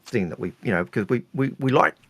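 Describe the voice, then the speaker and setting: A man co-hosting a casual gaming chat, measured in manner. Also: medium pitch, animated, gravelly, no echo. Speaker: co-host.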